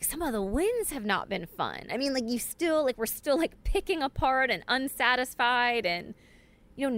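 A woman co-hosting a casual sports chat, animated and laughing often, with lots of fillers. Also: sits high. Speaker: podcast co-host.

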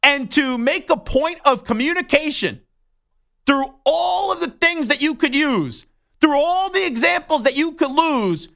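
Young male sports radio host, sharp tense tone, indignant and worked up. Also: extremely high pitch, creaky. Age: young adult. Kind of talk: heated talk-show rant.

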